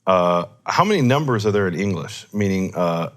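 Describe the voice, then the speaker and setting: A man explaining grammar in a relaxed teaching discussion, thinking aloud and correcting himself as he goes. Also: low voice, moderate pace. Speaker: Hebrew scholar teaching.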